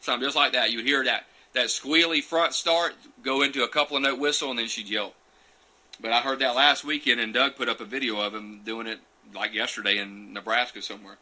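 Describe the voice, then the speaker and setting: A man's voice: medium pitch, steady tone, fairly quick, pushed and bright. A man chatting casually in a live Q&A from his futon couch at home, folksy and friendly, chuckling between answers. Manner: folksy and friendly, calls people buddy and brother. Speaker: champion turkey caller answering live questions.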